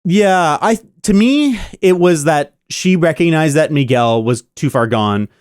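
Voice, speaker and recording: A man's voice: on the high side, expressive, measured pace, smooth, dry recording. Chatty man rambling about movies, dry sound. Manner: rambling, enthusiastic, many fillers. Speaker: podcast co-host. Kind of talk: casual movie review chat.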